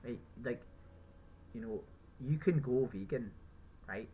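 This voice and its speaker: A man's voice: mid-range voice, sing-song, takes it slowly, vocal fry, long pauses, warm tone, slight background noise, rough recording. A man with an Irish accent, a street activist talking someone round, emphatic and profane, who keeps asking "right?". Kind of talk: persuasive street conversation.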